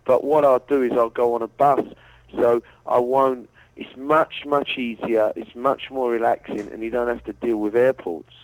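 A man, a DJ and producer, answering interview questions in a relaxed way, thinking aloud as he goes. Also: medium pitch, moderate pace, no room sound, poor audio. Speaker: DJ and producer guest.

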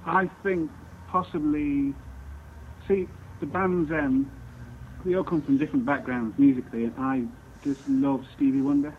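A man, a pianist guest, talking earnestly and haltingly with enthusiasm. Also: on the high side, steady tone. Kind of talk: casual chat. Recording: tinny phone-like line with hiss.

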